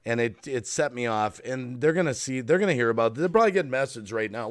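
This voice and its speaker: A man's voice: mid-range voice, lively intonation, fast, few pauses. A man hosting a casual live stream chat, worked up and ranting while apologizing for cutting in on his guests.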